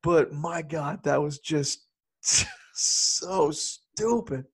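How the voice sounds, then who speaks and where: A man co-hosting a casual movie review chat, animated and often laughing as he talks. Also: fairly high pitch, extremely slow, slightly rough. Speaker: podcast co-host.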